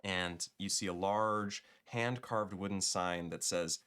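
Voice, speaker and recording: A man's voice: deep voice, fairly even intonation, slow, a bit bright, clean tone. A man narrating a tabletop game as game master, loose and chatty with fillers and small laughs.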